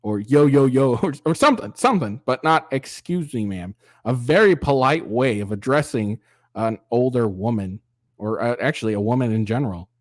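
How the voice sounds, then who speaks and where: A man's voice: medium pitch, lively intonation, a little fast, no room sound. Male commentary host, mocking and profane, dry close sound. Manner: mocking, profane, mimics voices. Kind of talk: sarcastic reaction commentary.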